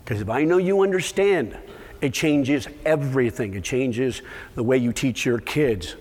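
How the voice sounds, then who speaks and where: A man's voice: mid-range voice, animated, a little slow, a little mellow. A middle-aged man, a conservation agronomist, giving a passionate, emphatic conference talk and telling a story. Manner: passionate, emphatic, repeats words for stress. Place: conference hall. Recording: long hall reverb from a live talk.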